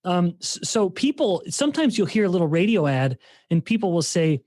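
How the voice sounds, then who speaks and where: A man's voice: high-pitched, sing-song, fairly quick, a little mellow, dry recording, clean studio sound. A man who is a scientist, talking through ideas in a podcast interview, often restarting his sentences as he thinks. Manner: explanatory, thinks aloud with many restarts. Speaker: scientist and guest.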